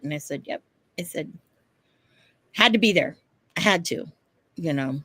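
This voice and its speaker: A woman co-hosting a podcast, telling a story in casual chat, animated, laughing often and swearing casually. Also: low-pitched, normal speed, long pauses, slightly rough. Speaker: podcast co-host.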